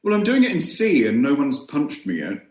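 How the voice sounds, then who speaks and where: A man's voice: a little high, huge pitch swings, moderate pace. A middle-aged British man, a guest actor, chatting casually in a wry, self-deprecating way. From Britain. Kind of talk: casual podcast chat. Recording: roomy echo.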